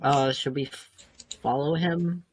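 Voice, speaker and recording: A man's voice: on the high side, steady tone, a little slow, slightly rough, rough recording. Guy player rambling about his character, keyboard clacking behind. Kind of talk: casual tabletop play.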